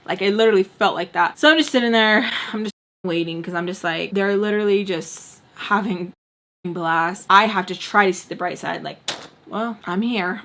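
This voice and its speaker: A young woman spills a personal story straight to her viewers in a loose, conversational storytime. She swears freely and jumps into little impressions of everyone involved. Her voice sits in a middle register, neither high nor low. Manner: animated, profane, acts out the people in her story. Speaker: vlogger telling a personal story. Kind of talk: casual storytime vlog.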